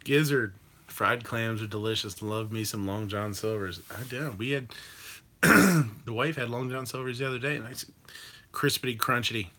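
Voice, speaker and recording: Bright-voiced man chatting casually. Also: mid-range voice, normal speed. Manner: rambling, loose, with swearing and many fillers; reacts to viewer comments. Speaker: livestream host reading chat. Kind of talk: casual chat.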